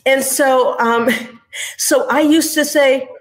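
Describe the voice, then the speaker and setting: Woman, higher pitch, candid reflective storyteller on a panel. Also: fairly even intonation, slow pace, poor audio. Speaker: mother sharing her story. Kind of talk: conversational panel talk.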